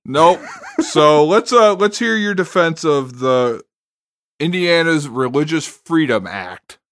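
A man's voice: a little high, lively intonation, slow pace, a bit bright, no echo, clean studio sound. A man co-hosting a casual podcast, blunt and crude, keeping the conversation on track. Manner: blunt, crude jokes, steers the segment. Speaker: podcast co-host. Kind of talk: casual chat.

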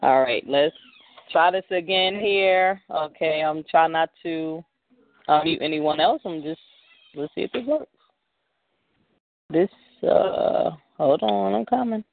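Male host, somewhat high, distracted by tech; phone-thin dry sound. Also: takes it slowly, creaky, long pauses, no echo. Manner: fumbling with tech, talking himself through it. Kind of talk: casual online show hosting. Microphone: tablet. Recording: tinny phone-like call audio, dry.

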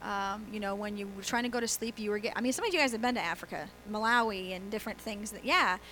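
A woman's voice: mid-range voice, fast talker, pushed and bright, a little hiss or hum, low-quality recording. A middle-aged woman pastor preaching a sermon in a church, telling stories in a chatty way with laughs and quoted voices. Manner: conversational storytelling with laughs and acted quotes.

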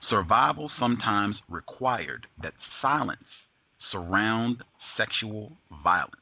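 Talk show guy reading from a book out loud, lowish gravelly voice, dull lo-fi sound. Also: lively intonation, slow, dry recording. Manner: reads aloud with frequent "uh" fillers. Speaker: host.

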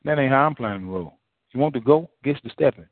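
A man's voice: mid-range voice, animated, quick pace, dry recording. A male pastor preaching a sermon in a folksy, repetitive way, full of rhetorical questions. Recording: tinny phone-line sound, dry.

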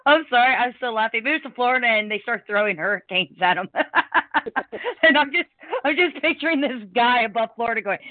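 A woman hosting a podcast in casual chat, talkative and quick to laugh as she tells stories. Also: a little high, animated, no room sound. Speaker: podcast host. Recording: dry, tinny phone-like sound.

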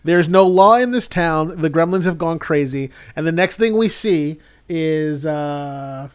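Slightly high and a little slow, his voice is clear with a resonant tone. The man, a co-host on a comedy podcast, loosely recounts a film's storyline in a rambling way, laughing along the whole time.

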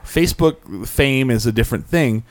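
A man's voice: mid-range voice, lively intonation, moderate pace, no room sound. Rambling man on a casual podcast. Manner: rambling storyteller, acts out quotes. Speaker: podcast co-host. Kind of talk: casual chat.

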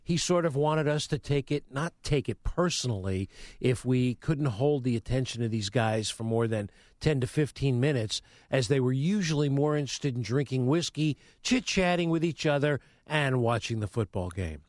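A man's voice: mid-range voice, expressive, moderate pace, dry recording. Chatty male radio co-host, dry mic. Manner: chatty, giving shout-outs. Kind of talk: radio talk show banter. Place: radio studio. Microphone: studio mic.

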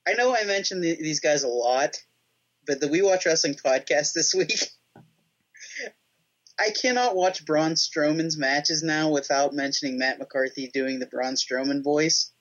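A man co-hosting a casual podcast, telling stories excitedly, with restarts and laughter. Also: fairly high pitch, a little slow. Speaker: podcast co-host. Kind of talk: casual chat. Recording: dull lo-fi sound.

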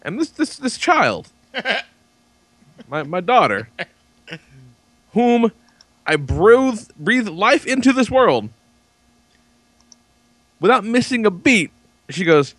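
Animated, profane man telling a story. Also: high voice, slow pace, long pauses, dry recording. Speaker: podcast co-host. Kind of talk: casual chat.

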